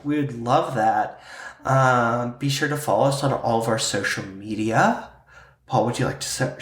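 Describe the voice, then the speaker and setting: A podcast co-host from Pittsburgh chats casually and playfully, his talk dotted with ums and likes. The voice sits at a middle pitch for a man. It is recorded in an echoey room. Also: a bit bright. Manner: playful, fillers like um and like. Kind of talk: casual chat.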